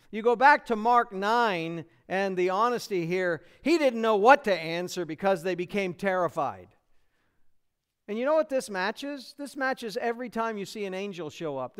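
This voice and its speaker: Male American pastor, high, clear voice; earnest expository sermon. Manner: earnest expository preaching, acting out quotes.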